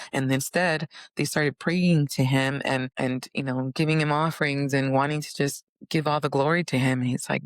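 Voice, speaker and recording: Earnest woman with a gravelly voice. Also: moderate pace, hardly any pauses, no room sound, studio quality. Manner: earnest, animated, acts out inner voices in higher pitch. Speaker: vlogger. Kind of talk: personal storytelling monologue.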